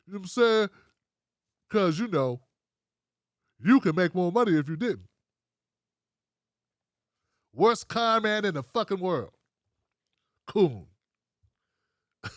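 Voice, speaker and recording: A man hosting his own commentary show, talking in a loose, profane rant. His voice sits high for a man, and it sounds dry and close with no room echo. He is sarcastic and slips into mocking voices for the people he quotes. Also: very animated, measured pace, pauses often, a bit bright. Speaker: political commentary host. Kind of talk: casual ranting commentary.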